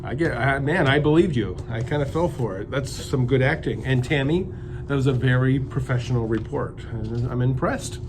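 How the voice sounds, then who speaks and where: A man's voice: medium pitch, normal speed, noisy background. A man hosting a children's show in an easygoing, playful manner. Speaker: host of a kids' show.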